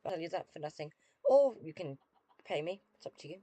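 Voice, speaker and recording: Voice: medium pitch, expressive, fairly quick, mellow, no echo. A British streamer chatting casually with viewers while playing a game, dry and self-deprecating.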